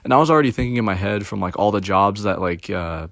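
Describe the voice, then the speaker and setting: A man's voice: on the low side, animated, fast talker, a bit bright, dry recording, studio quality. A young man in his twenties rambling through a casual story, packed with filler words and swearing. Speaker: streamer.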